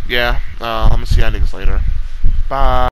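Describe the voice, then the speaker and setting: A man's voice: medium pitch, fairly even intonation, normal speed, very noisy. A tired young man vlogging late at night, rambling and trash-talking with lots of fillers. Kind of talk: casual rambling monologue.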